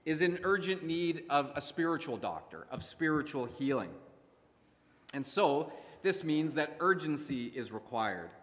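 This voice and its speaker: A man preaches to his congregation in a measured sermon style, slipping into character voices when he tells a story. His voice sits a little high for a man. A long reverb trails behind his words. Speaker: pastor.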